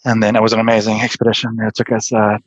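An endurance athlete appears as a guest in a casual interview, telling adventure stories fast, rambling with lots of "like," and laughing often. His voice is lowish, his delivery completely flat, and the recording is dry and lo-fi.

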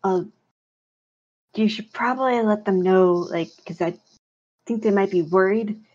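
A woman's voice: mid-range voice, a little slow, a little mellow, dull audio. A young woman playing a tabletop game, eager and a bit hesitant in her speech. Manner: enthusiastic, hesitant in-character chat. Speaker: player.

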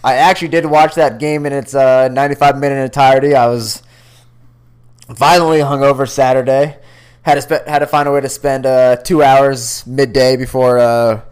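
A young man co-hosts a sports podcast from a computer call, joking freely and swearing as he talks. His voice is smooth and clear, with a medium pitch. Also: steady tone, normal speed, a little mellow. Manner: loose, swearing, joking banter. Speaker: podcast co-host. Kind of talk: casual sports chat.

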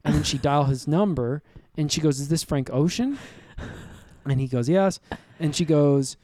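A man co-hosting a comedy podcast, rambling through an absurd improvised recap with a deadpan delivery. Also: on the high side, normal speed, no echo, clean studio sound. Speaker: podcast co-host.

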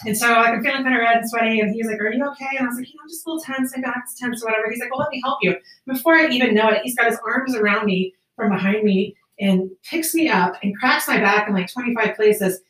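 A woman hosting a casual podcast, telling a story in a profane, animated way with quick laughs. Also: on the high side. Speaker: podcast host. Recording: roomy, distant amateur podcast mic.

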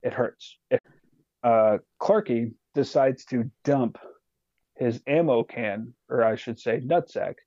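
A man tells a war story in a casual podcast chat, swearing freely and acting out the voices of his squad. His tone is warm and mellow. The recording is dry and dull, like a lo-fi home setup. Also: mid-range voice, takes it slowly, no room sound. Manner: profane, animated war storytelling. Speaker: podcast guest, retired soldier.

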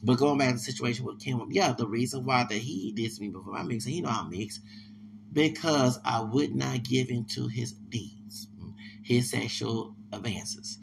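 A man's voice: medium pitch, moderate pace, gravelly, a little hiss or hum. A man talking on his podcast in a casual, rambling monologue, emphatic and often stumbling over repeated words. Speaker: podcast host.

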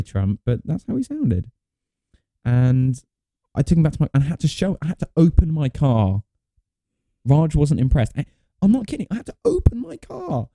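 A young man co-hosts a casual podcast with a very dark, mellow tone. His pitch swings around freely as he rambles through a story. His voice sounds close and dry. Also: no room sound. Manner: rambling storyteller, swears, laughs a lot. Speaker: podcast co-host. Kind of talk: casual chat.

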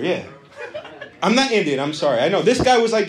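Brash stand-up comedian with roaring crowd. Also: male voice, high-pitched, very animated, fairly quick, long pauses. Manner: brash, profane, loud crowd banter. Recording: live club audience. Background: crowd laughter.

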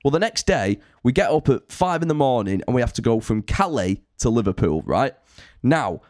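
A man's voice: on the high side, a little mellow, no room sound, clean studio sound. A young man telling a long, rambling road story in casual podcast talk, swearing freely. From United Kingdom. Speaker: touring band musician telling a story.

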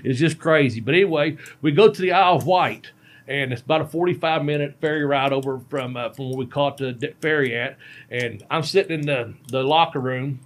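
A man's voice: on the high side, a little fast. Folksy man spinning road stories. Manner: rambling, folksy, laughs at himself. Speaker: former pro wrestler telling road stories. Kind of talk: casual storytelling on a podcast.

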